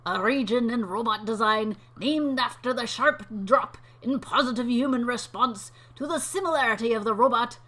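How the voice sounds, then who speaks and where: A woman reading robot facts aloud in a put-on Scottish accent, dramatic and slow. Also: fairly high pitch, bright, forceful tone.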